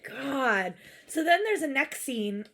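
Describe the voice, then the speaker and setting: A woman's voice: sits high, slow. A woman co-hosting a podcast, recapping a reality show in casual, exasperated chat and swearing freely. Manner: animated, exasperated, swears freely, acts out quotes. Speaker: podcast co-host.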